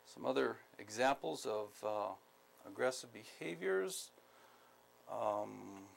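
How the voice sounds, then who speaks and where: Male instructor, very gravelly and creaky voice, slow deliberate lecture with a faint hiss behind. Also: lowish voice, lively intonation, rough recording. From United States. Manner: deliberate, repeats key points, many ums. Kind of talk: skills training lecture.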